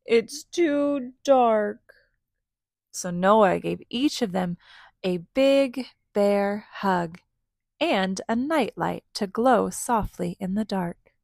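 A woman reads a picture book aloud to young listeners, animated and stopping to ask them for sound effects. Her voice is slow and gravelly, and the room is dry and close. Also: mid-range voice, no room sound. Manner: animated, asks children to join in with sounds. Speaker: storyteller reading to children.

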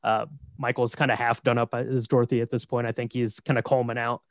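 Relaxed man co-host in a dry room. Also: mid-range voice, fairly quick, no echo. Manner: relaxed, agreeable, frequent affirmations. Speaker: podcast co-host. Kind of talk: casual chat retelling a film.

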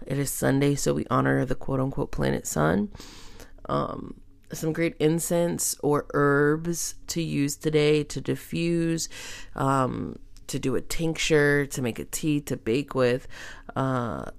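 A woman's voice: low voice, steady tone, slow, vocal fry. A woman hosting her own podcast, talking in a blunt, irreverent and chatty way, with plenty of ums along the way. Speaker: podcast host. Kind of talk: casual solo podcast talk.

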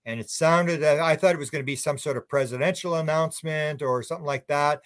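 A man's voice: a little high, brisk, dry recording. An older man as an author guest on a radio show, answering in a rambling and bluntly opinionated way with many restarts.

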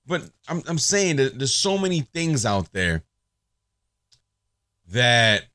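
A man hosting his own podcast, ranting in a sarcastic, profane, animated monologue. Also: mid-range voice, takes it slowly, no echo, studio quality. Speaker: podcast host.

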